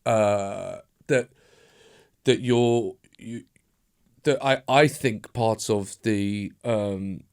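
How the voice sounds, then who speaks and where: A man's voice: fairly low pitch, extremely slow, clear, resonant tone. A man hosting a podcast, asking long, hesitant, rambling questions with frequent restarts. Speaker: podcast host, comedian. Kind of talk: casual interview chat.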